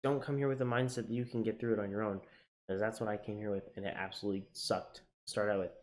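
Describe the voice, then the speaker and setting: A young man tells his own story in a casual vlog with a lowish voice. He is candid and emotional, drops his voice for heavy moments and lifts it when excited. He swears casually and often starts his sentences over. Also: fast talker, slight background noise. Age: young adult. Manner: frequent fillers and restarts, casual swearing. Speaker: navy sailor sharing his journey.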